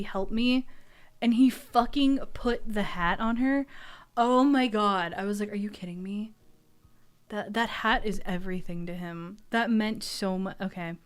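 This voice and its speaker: A young woman vtuber streams and chats excitably, gushing and swearing and often tripping over restarts. Her voice is on the high side, clear and resonant.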